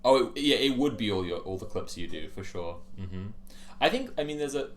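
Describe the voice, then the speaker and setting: A woman's voice: a bass voice, lively intonation, brisk. A woman chatting and joking casually while streaming a game. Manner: laid-back, chatty and joking. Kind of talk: casual chat.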